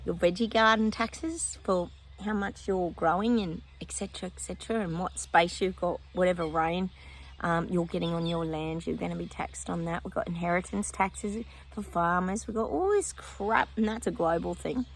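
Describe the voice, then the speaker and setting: A woman's voice: lowish voice, moderate pace. A woman psychic vlogging her predictions outdoors in casual chat, often breaking off to talk to her dog.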